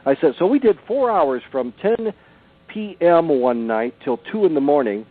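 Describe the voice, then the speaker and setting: A man's voice: fairly high pitch, lively intonation, moderate pace. Older male radio guest, earnest storyteller, heard down a tinny phone line. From Southern California. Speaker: author and researcher guest.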